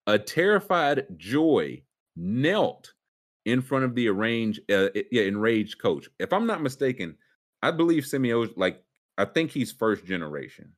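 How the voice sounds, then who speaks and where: A man hosting a casual sports podcast, rambling with fillers and restarts and a sarcastic streak. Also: mid-range voice. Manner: sarcastic, wry.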